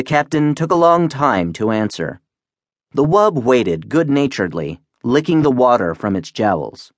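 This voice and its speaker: A man reading science fiction aloud as an audiobook narrator, in a measured, expressive way on a close studio mic. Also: mid-range voice, dry recording. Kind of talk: scripted narration.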